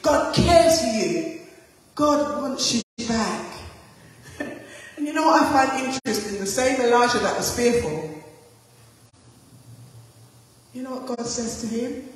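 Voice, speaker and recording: High-voiced woman preaching in an echoey hall. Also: measured pace, recorded from a distance. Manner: passionate, swings between loud calls and hushed asides. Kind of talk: sermon. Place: large hall or church.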